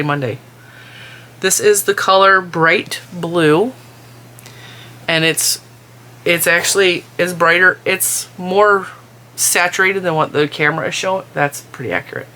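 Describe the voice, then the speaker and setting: A woman making a casual, chatty vlog, excitedly showing yarn to her viewers at home. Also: mid-range voice. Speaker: crochet and yarn vlogger. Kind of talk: casual show-and-tell vlog.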